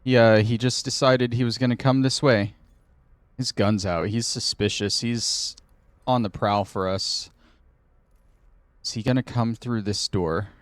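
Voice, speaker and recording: A man's voice: mid-range voice, fairly even intonation, measured pace, pauses often, dry recording. A man hosting a gaming channel, thinking aloud and muttering to himself in casual commentary while he plays.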